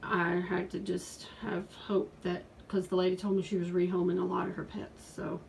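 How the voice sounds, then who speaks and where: A woman's voice: on the low side, level tone, moderate pace, creaky, slight background noise, poor audio. A woman in her forties talking earnestly in a casual home video from her pet room, pleading with viewers at points. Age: 40s. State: out of breath. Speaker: pet vlogger.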